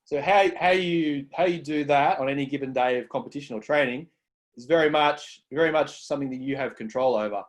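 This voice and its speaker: A man co-hosting a casual podcast, explaining ideas in an earnest, measured way. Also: mid-range voice. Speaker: co-host.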